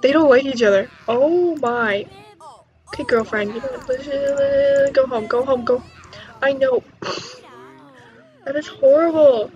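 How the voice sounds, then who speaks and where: A young woman chatting excitedly while playing a life-sim game, quick to gasp and exclaim. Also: on the high side, a little hiss or hum, low-quality recording. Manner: excitable, chatty, gasps and laughs. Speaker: gaming YouTuber. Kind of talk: let's play commentary.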